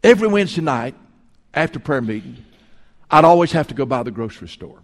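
A man preaching a sermon as pastor, telling folksy stories and swinging between loud and hushed. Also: mid-range voice, big pitch swings, quick pace, long reverb tail. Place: church sanctuary.

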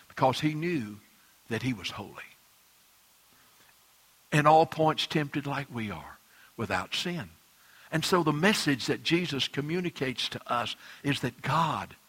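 A man preaching a sermon as pastor, swinging between loud emphatic lines and quiet, hushed ones. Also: a little high, husky.

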